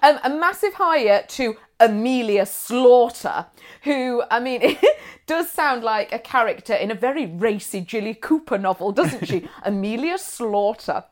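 Brief: high-voiced, playful woman co-host, laughs often. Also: lively intonation, measured pace. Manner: giggly, playful, theatrical emphasis. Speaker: podcast co-host. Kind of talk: casual chat, reading listener messages.

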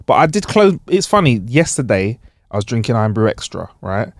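A man's voice: medium pitch, sing-song, brisk, no echo, studio quality. A man co-hosting a podcast, chatting casually and laughing easily. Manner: laughing, easygoing storyteller. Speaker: podcast co-host. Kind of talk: casual chat.

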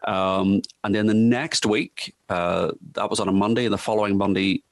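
Deep-voiced man chatting about music history. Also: steady tone, moderate pace, no room sound. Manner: hesitant, many fillers and restarts, acts out quotes. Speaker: podcast co-host. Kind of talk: casual music history chat.

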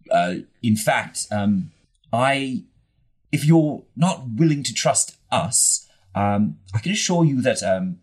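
A man's voice: medium pitch, animated, takes it slowly. A man playing a tabletop game in character, talking in a hesitant, stammering way full of fillers. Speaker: player.

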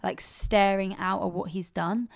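A woman's voice: medium pitch, fairly even intonation, measured pace, vocal fry, no echo, studio quality. A woman co-hosting a podcast, casually and animatedly retelling a story with frequent swearing. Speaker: podcast co-host.

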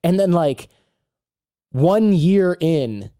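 A man's voice: on the high side, very slow, no echo, clean studio sound. A man in his thirties, a guest on a podcast, chatting casually and acting out quotes as he tells stories. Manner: animated storyteller who acts out quotes. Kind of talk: casual interview chat.

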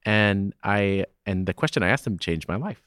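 Deep-voiced man in a dry podcast interview. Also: animated, normal speed, fairly bright tone, no echo. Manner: emphatic, keeps asking "right?" to drive points home. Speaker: theater owner and festival director guest. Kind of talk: conversational interview. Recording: dry close-mic podcast sound.

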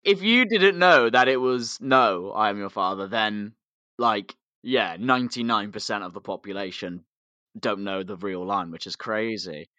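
A man co-hosting a podcast in casual chat. He talks in a lively way, swears and often trails off quietly. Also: fairly low pitch, a little slow, no echo, highs cut off. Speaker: podcast co-host.

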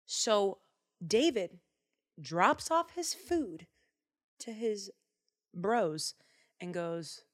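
Woman, casual Bible storyteller: animated, chatty, jokey, mid-pitched. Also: unhurried.

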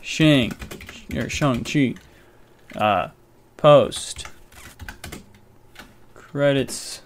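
A man hosting a casual podcast, rambling through a movie recap and dropping into quick voice impressions. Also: medium pitch, gravelly, a little hiss or hum. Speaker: podcast host.

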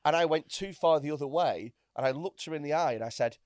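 A man's voice: fairly high pitch, fast, a little mellow, no echo, clean studio sound. A man, a podcast co-host, telling a comic story in casual chat with restarts and frequent swearing. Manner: rambling, restarts, swears freely. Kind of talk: comedic anecdote in casual chat.

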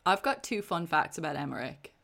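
A woman's voice: sits low, very animated, fairly quick, creaky, a bit bright. A woman co-hosting a casual film chat, enthusiastic and sweary, eager to share fun facts. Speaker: podcast co-host. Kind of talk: casual chat about films.

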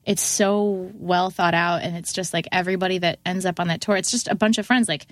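A young woman musician, guesting on a podcast, tells a story casually in a lowish voice at a slightly fast pace. She's animated, acts out people's quotes in a raised voice, and says "like" a lot; the recording is dry and studio quality.

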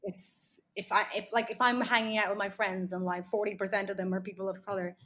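A woman in her thirties, chatting casually on a podcast and telling animated stories full of fillers and restarts. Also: mid-range voice, fairly quick. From Ireland.

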